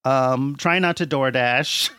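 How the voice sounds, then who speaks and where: A man's voice: medium pitch, slow, sharp tone, clean tone, dry recording, clean studio sound. A man guesting on a podcast in casual chat, tossing off wry jokes.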